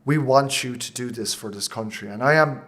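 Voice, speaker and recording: An Irish company founder answers interview questions passionately and emotionally, speaking in quick bursts and frequently restarting. His voice is medium in pitch and a bit bright.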